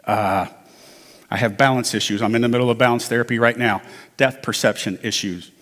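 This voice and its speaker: Casting note: American man sharing his testimony from the front of a church, in a mid-range voice, relaxed and storytelling, with a long church reverb. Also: mid-range voice, a little fast. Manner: conversational storytelling, acts out quoted dialogue. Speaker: church member giving testimony. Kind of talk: personal testimony to a congregation. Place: church sanctuary.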